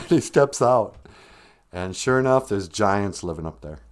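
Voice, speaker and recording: A man's voice: fairly low pitch, lively intonation, measured pace. A man hosting a podcast, telling a comic fairy tale in a rambling, jokey way. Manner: rambling, jokey, laughs at own story. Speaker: podcast host. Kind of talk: comic storytelling.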